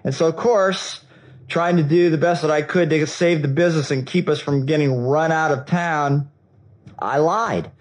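A man giving a storytelling talk at a seminar, animated and acting out the dialogue, with frequent restarts. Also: a little high, moderate pace, low-quality recording. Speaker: seminar speaker.

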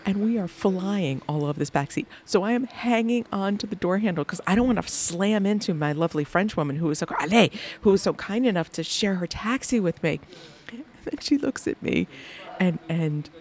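A woman hosting a podcast, telling a lively anecdote about her day, laughing often and acting out the people she quotes. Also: medium pitch, fairly quick. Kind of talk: animated anecdotal storytelling.

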